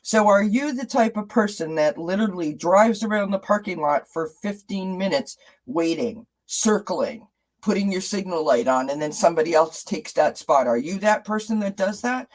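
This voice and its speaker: A man's voice: high voice, expressive, normal speed, poor audio. A man hosting a casual live stream, chatting with viewers, reading out their comments and asking them rhetorical questions, often restarting his sentences.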